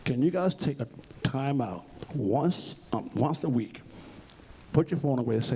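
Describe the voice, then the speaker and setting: A man's voice: mid-range voice, expressive, moderate pace, mellow, slight background noise. A man being interviewed on stage at a library event, speaking bluntly and emphatically and swearing freely. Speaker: interview guest.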